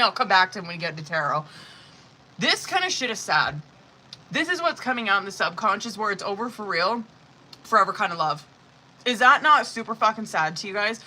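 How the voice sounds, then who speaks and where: Very bright, profane woman reading tarot. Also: medium pitch, a little hiss or hum, rough recording. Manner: casual, profane, rambling with many fillers; emphatic and exasperated asides. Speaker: tarot reader. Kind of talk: live-streamed tarot reading.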